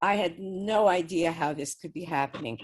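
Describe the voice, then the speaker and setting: With a fairly low voice at a moderate pace, a woman tells her interviewer a personal story about spirit communication experiments. She's chatty and casual, laughing often between sentences.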